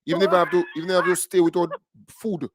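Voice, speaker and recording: A Grenadian man hosting a call-in radio show, talking in a lively, joking way with Caribbean creole phrasing. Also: sits high, racing, slight background noise. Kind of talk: casual radio talk with a caller.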